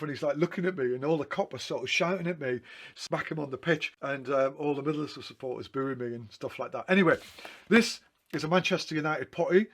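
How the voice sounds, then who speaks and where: Chatty man rambling through photo stories. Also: a little high. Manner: rambling, self-correcting, chatty. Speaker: photographer talking through his photo book. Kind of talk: casual anecdotal storytelling.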